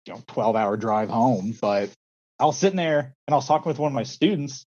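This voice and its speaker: A young man co-hosting a podcast, telling everyday stories in a loose, rambling way, full of "um" and "like" and quick quoted voices. The sound is dull and lo-fi, from a modest mic. His pitch sits in a middle range for a man. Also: fairly even intonation, darkish tone. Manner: rambling with many fillers, acts out quoted voices. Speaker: podcast co-host, schoolteacher and coach. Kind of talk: casual storytelling chat.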